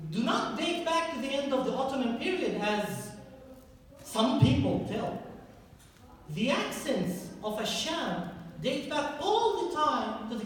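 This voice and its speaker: A man giving a public history lecture to a live audience. He is lively and often puts direct questions to the listeners. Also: very high-pitched. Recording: echoey hall recorded from far off.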